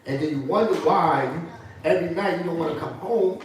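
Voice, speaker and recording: Emphatic male preacher, slightly high voice, recorded from across the room. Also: fairly quick. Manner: emphatic, leads scripture reading. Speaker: street preacher. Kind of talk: preaching to a group. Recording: echoey room from far off, faint noise.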